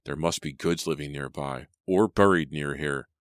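A man's voice: a bass voice, normal speed, dry recording, clean studio sound. A man voicing a nervous, superstitious colonial father in a storybook reading. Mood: fearful. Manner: nervous, grim.

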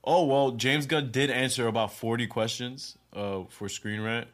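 A man co-hosting a podcast, talking casually and excitedly, laughing often and calling friends bro. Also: medium pitch, moderate pace. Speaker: podcast co-host. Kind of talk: casual chat.

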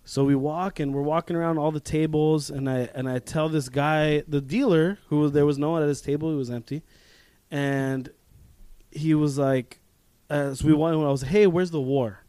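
A young man with a slightly raised voice, chatting casually as the host of a podcast. He tells stories with plenty of laughter and loose swearing, and his talk runs lively and informal. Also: fairly high pitch, moderate pace, smooth, no room sound. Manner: laughing, swearing, animated storytelling. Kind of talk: casual chat.

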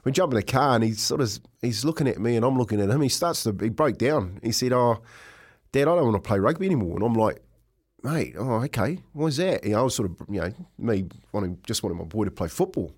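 A man's voice: medium pitch, lively intonation, quick pace, darkish tone, breathy edge. Middle-aged kiwi guy rambling through a story, mate this mate that, chatty podcast co-host. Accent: New Zealand. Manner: rambling, says "mate" a lot. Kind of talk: casual chat, storytelling.

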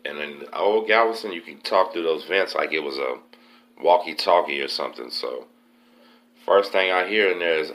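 A man hosts a podcast and retells a story in a casual, streetwise way, with frequent cursing and quoted dialogue. His voice sits very low. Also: moderate pace. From Texas. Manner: streetwise, profane, animated retelling. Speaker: podcast host.

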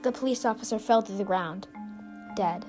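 A woman's voice: mid-range voice, normal speed. A woman hosting a show, narrating a scripted suspense story in an earnest, suspenseful way. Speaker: storyteller and podcast host. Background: music.

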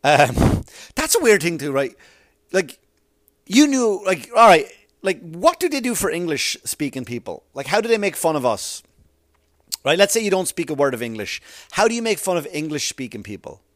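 A man's voice: fairly high pitch, very animated, normal speed, a bit bright, dry recording, studio quality. A man doing a rambling, profane stand-up comedy routine full of conversational asides.

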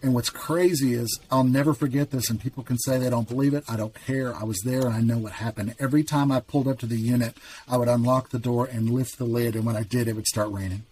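A middle-aged man telling his faith testimony in casual talk, as an earnest storyteller with quick asides. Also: mid-range voice, fairly even intonation, mellow, slight background noise. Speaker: podcast guest.

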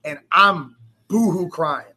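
Brief high, bright-voiced man in his forties. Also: slow pace, slightly rough. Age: 40s. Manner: emphatic storytelling, swears freely, rises to shouts. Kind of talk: impassioned speech to a crowd.

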